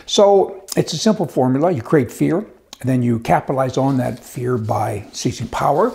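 A man's voice: fairly high pitch, moderate pace, vocal fry, a little mellow. A middle-aged man doing a casual political commentary monologue, folksy and sarcastic, telling jokes and acting out quotes in mock voices. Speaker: commentary host.

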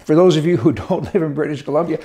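A man's voice: a little high, quick pace, warm tone. A man delivering a casual, sarcastic, exasperated monologue with chuckling asides. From Canada. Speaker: commentator.

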